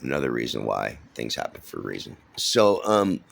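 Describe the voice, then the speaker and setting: A middle-aged man with a very low, gravelly voice tells his own life story in a loose, casual way. He rambles, swears freely and keeps restarting with "uh" and "um." He's from San Francisco. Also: very animated, moderate pace, fairly bright tone. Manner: rambling, profane, many fillers and restarts.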